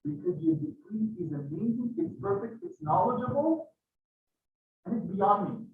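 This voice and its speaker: A man preaching a Friday sermon as imam, pressing his points with repeated phrases. He is heard from a distance in a booming, echoey prayer hall. The sound is thin and phone-like. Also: sing-song, moderate pace. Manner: emphatic, repeating key phrases.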